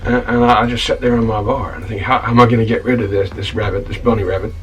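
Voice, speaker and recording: An actor playing a self-righteous scoundrel tavern keeper in a comedy web series, telling an indignant, stammering monologue and calling the listener son. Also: male voice, on the low side, steady tone, quick pace, fairly bright tone, distant mic, lightly acted, rough recording. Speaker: title character of a comedy-drama web series. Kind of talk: comic monologue. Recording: voice a bit off-mic, with music behind.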